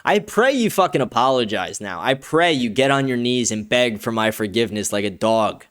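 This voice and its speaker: A man hosting a livestream, reading viewer comments with profane, combative ranting that turns excited when he is pleased. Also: medium pitch, moderate pace. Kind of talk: casual streaming talk.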